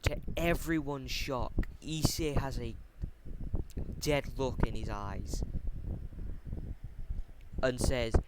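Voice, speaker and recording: A man's voice: medium pitch, fairly even intonation, slow, pauses often. A man casually retelling a fan story, hesitant and full of ums and restarts, talking into a computer mic on a voice chat. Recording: noisy home mic recording.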